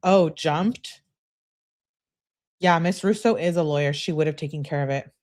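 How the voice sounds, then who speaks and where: A woman's voice: deep voice, normal speed, darkish tone. A woman hosting a true crime channel, reading text messages aloud to her viewers and adding casual, chatty commentary.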